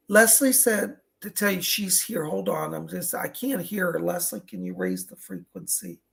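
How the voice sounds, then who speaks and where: A man working as a psychic medium, giving live readings online and passing on messages. He often breaks off with "hold on" and sometimes coughs or clears his throat between readings. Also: high voice, animated, unhurried, a bit bright.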